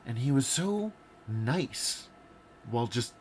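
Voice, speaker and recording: A man's voice: mid-range voice, big pitch swings, slow pace. A man with a mid-range voice shares candid personal stories on a casual podcast. He talks in a laid-back, conversational way. Faint background hiss runs underneath. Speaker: podcast co-host.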